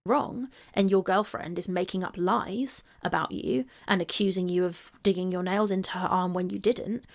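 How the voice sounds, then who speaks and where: A woman with a calming voice giving measured commentary, reading messages aloud and asking pointed rhetorical questions. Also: on the low side, lo-fi sound. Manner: analytical, emphatic rhetorical questions.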